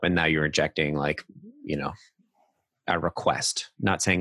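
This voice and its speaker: A man's voice: very deep voice, fairly even intonation, a little slow, pushed and bright, dry recording. A man hosting a podcast, chatting loosely and casually, with the odd swear word. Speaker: podcast host. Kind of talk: casual chat.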